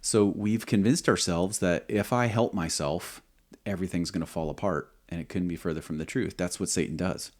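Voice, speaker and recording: Earnest man with a very deep voice. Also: normal speed. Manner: earnest, steady reasoning. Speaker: podcast co-host, former squadron commander. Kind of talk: reflective faith talk.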